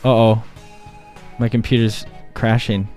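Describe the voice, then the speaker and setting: A man's voice: on the low side, little pitch movement, a little slow, over music. A man hosting a casual livestream, upbeat and encouraging as he chats with a guest and his young son. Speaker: stream host and father.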